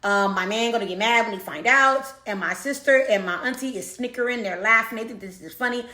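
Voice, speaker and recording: Woman storyteller, animated and chatty, addresses the viewer; bright tone, echoey room. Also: on the high side, fairly quick. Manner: animated, repeats herself, talks to the audience. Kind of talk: casual storytelling to camera.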